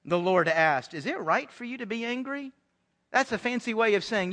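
A man with a high, ringing voice preaches a sermon to his church. His delivery is earnest, and he doubles up words as he presses a point home. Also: animated, moderate pace, fairly bright tone. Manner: earnest, repeats words when stirred. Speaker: pastor. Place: church sanctuary.

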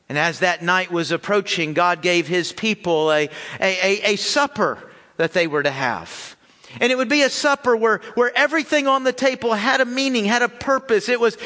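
A man's voice: on the high side, pushed and bright, long reverb tail. A man preaching a sermon and reading scripture in an earnest way, repeating his phrases, in a church sanctuary. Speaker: pastor.

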